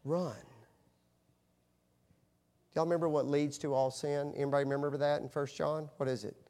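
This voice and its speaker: A middle-aged pastor, a man, preaching with animated storytelling that swings from hushed to loud. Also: fairly high pitch, moderate pace. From United States. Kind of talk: sermon.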